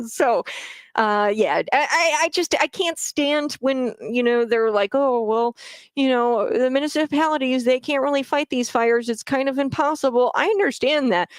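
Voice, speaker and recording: Woman, political commentary host, indignant and emphatic, mid-pitched voice, dry close sound. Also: dry recording.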